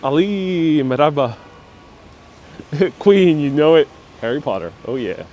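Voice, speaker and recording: A man's voice: on the high side, animated, measured pace, a little mellow, slight background noise. A man hosting a live-streamed walking tour outdoors, chatting and reacting to viewer comments. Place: outdoors on city streets. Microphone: wireless lapel mic.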